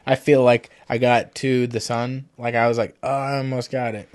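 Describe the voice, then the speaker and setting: Podcast host, playful questioner, mid pitch, relaxed chat. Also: normal speed, dry recording. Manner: playful, joking, asks naive questions.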